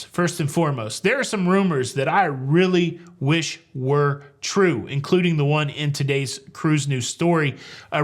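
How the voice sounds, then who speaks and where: A man's voice: a little high, a bit bright. A middle-aged man hosting a cruise news show, talking casually with wry, sarcastic jokes and rambling asides. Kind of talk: casual comedic commentary.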